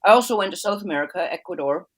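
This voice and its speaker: A woman's voice: fairly low pitch, lively intonation, very fast, rough recording. A woman from Canada co-hosting a casual live-stream chat, friendly and easygoing, often laughing.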